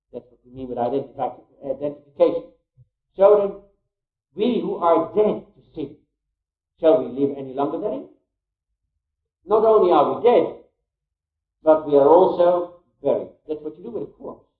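A man preaching a Bible teaching sermon, emphatic, with rhetorical questions and repeated key phrases. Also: sits high. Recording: echoey room on a tinny phone-like line.

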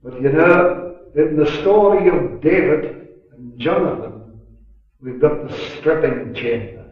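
A man giving a sermon at a gospel meeting, earnest and unhurried, swelling on key words and dropping in chatty asides. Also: on the high side. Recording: echoey room, distant mic, dull lo-fi.

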